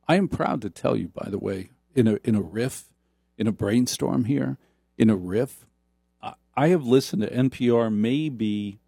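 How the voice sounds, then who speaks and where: A man's voice: mid-range voice, creaky, dark tone, breathy edge, no room sound, clean studio sound. A man hosting a talk radio show, riffing sarcastically in a rambling comic monologue. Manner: sarcastic, mocks voices.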